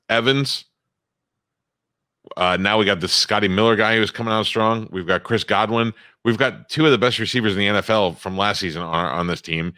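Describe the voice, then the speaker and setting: A man with a Boston accent talks in an easygoing, joking manner. His voice sits a little low, and it is recorded close on a dry mic with no room echo. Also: pushed and bright. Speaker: podcast co-host. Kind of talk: casual podcast chat.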